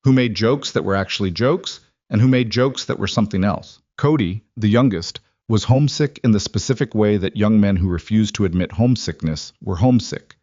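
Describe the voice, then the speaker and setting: A man narrates a scripted story in a steady, measured way, his voice sitting on the low side. The recording is dry with no room sound and a slightly dull, muffled tone. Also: no echo.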